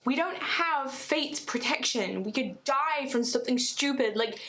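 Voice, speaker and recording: A woman's voice: high voice, lively intonation, measured pace, fairly bright tone, voice pushed up. A woman voicing a worried younger brother who pleads earnestly and insistently as part of a retold story. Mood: firm.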